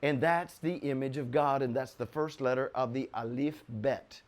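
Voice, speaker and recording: An older American man teaching the Bible in an excitable, chuckling way, with sudden loud bursts for emphasis. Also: medium pitch, moderate pace.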